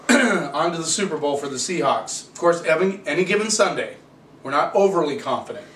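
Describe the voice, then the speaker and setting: Chatty, opinionated male wine reviewer, slightly high voice, caught by a distant camera mic in an echoey room with faint hiss. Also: animated, brisk, a bit bright. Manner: opinionated, chatty, rants with rhetorical questions.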